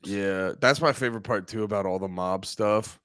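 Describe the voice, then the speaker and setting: A man's voice: on the low side, normal speed, a bit bright, no room sound. A man hosting a podcast, rambling in casual chat with lots of swearing and acted-out quotes. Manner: rambling, profane, acts out quotes. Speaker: podcast host.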